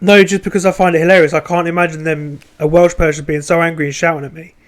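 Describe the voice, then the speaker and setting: A man with a somewhat high voice chatting on a podcast. He jokes easily, pokes fun at himself and laughs things off. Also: little pitch movement, fast talker. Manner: jokey, self-mocking. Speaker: podcast co-host. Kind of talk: casual chat.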